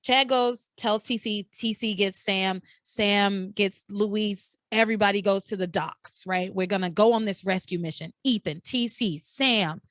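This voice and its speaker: A woman's voice: medium pitch, unhurried, hardly any pauses, a bit bright, no room sound. A woman hosting a casual podcast, recapping a soap opera with incredulous, exaggerated outrage. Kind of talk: casual chat.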